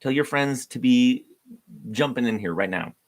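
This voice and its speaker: A man's voice: mid-range voice, animated, moderate pace. A man hosting a casual livestream devotional, rambling and joking at his own expense, with plenty of ums and likes. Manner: rambling, joking, self-deprecating, many fillers. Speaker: youth devotional host.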